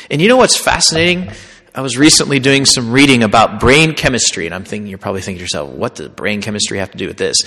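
Priest, male, dramatic preacher voice, loud to hushed, long hall reverb. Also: medium pitch. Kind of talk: sermon.

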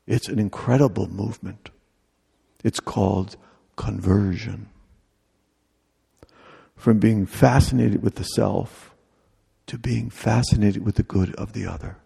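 A man's voice: on the low side, steady tone, unhurried, vocal fry, long pauses, mellow, slightly rough, big-room sound. A man preaching a sermon in a humorous, conversational way, acting out little dialogues.

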